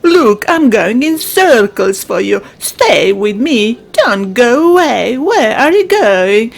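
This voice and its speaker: A woman's voice: on the high side, very animated, slow pace, vocal fry, full character voice. A woman voicing a lovesick male pigeon wheedling a female to stay with him. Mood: coaxing. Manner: coaxing, wheedling.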